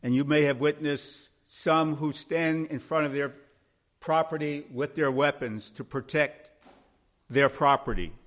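A man preaching a sermon, slow and deliberate, building to emphatic peaks. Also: fairly high pitch, fairly even intonation, fairly bright tone. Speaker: pastor.

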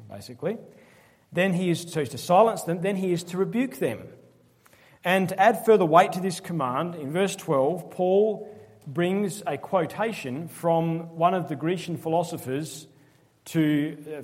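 A man preaching in a sermon, his voice somewhat higher than most men's. He speaks with emphasis, slowing for key phrases and slipping in dry, sarcastic asides. The sound rings with the long reverb of a church hall. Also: expressive.

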